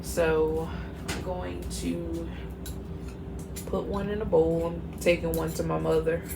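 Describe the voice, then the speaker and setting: A young woman with a lowish, level voice speaks slowly with some vocal fry, chatting casually in her home kitchen for her mom vlog while music plays behind her. She laughs a lot and turns teary and sentimental as she goes. The home recording is noisy.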